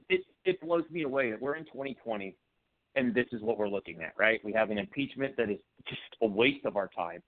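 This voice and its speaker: A man calling in to a talk show, speaking in a heated, fired-up way with a voice that turns a little hoarse. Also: mid-range voice, no echo. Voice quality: voice turning hoarse. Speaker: call-in guest. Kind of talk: political call-in rant. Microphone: phone call. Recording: tinny phone line.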